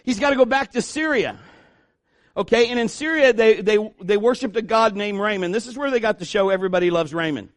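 A male pastor preaching a sermon in an animated, joking way, acting out the voices of the people he talks about. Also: sits high, a little fast, no echo, clean studio sound.

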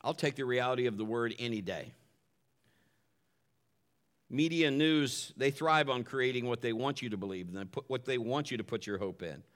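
A middle-aged man preaches in a relaxed, folksy way, weaving family anecdotes into his sermon. His voice sits in an ordinary middle register and jumps high when he reenacts a moment. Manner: folksy storytelling with dramatic voice swings. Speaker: pastor.

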